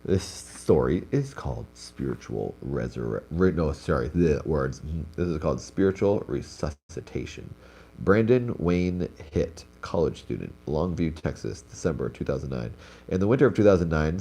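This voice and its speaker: A young man with an extremely low, dark voice reads eerie stories aloud, stopping now and then to comment in an offhand way. He sounds congested throughout. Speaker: host reading viewer stories. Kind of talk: live stream reading aloud with asides.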